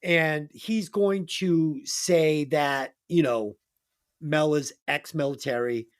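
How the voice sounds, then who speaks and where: An enthusiastic man co-hosting a movie review podcast, his voice sitting a little higher than most men's. He chats casually, swears freely, and piles on praise. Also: slow. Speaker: podcast co-host.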